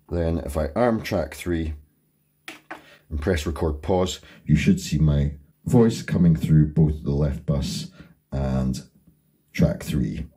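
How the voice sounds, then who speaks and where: A man's voice: extremely low pitch, dark tone, husky. A man hosting a tutorial and methodically explaining each control step by step in his home studio. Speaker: tutorial host.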